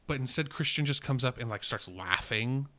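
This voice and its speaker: Bright-toned critical podcast man. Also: mid-range voice, lively intonation. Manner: measured, critical, thinking aloud with restarts. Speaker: podcast co-host reviewing a film. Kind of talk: casual film review chat.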